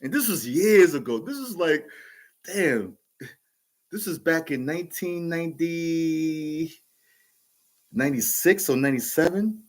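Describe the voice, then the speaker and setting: A man's voice: fairly high pitch, lively intonation, a little slow, pauses often. A man in his forties with a New York accent, telling a casual, rambling story with frequent restarts and fillers. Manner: rambling, laughs often, many restarts and fillers. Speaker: podcast host telling a story.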